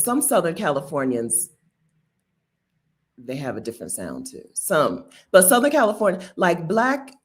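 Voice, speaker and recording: A woman in her fifties from Delaware, hosting and giving casual commentary, emphatic and quick to laugh. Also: fairly low pitch. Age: 50s. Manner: animated, emphatic, laughs often. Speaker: host.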